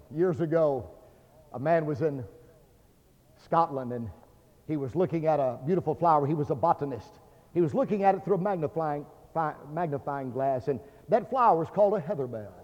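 A man's voice: on the high side, lively intonation, brisk. Fervent preacher man, echoing hall. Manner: fervent preaching with dramatic swings from loud declarations to hushed tones. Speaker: Baptist pastor. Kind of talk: sermon. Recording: dull lo-fi sermon recording with long hall reverb.

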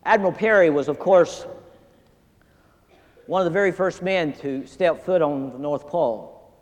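A man's voice: on the high side, normal speed. Folksy preacher man giving a sermon, long echo in a big chapel. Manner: folksy, earnest, storytelling. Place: seminary chapel, large hall. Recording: long hall reverb.

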